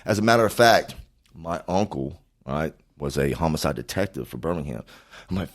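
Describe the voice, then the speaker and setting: Podcast guest: a man with an extremely low voice, loose, profane and rambling. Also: expressive, normal speed. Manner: profane, rambling, frequent fillers. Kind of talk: casual storytelling.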